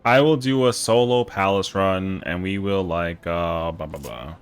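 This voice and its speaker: This is casual live-stream chatter from a man playing a game, his low-pitched voice clean in tone and measured in pace. He's joking and profane, full of playful indignation and pretend outrage.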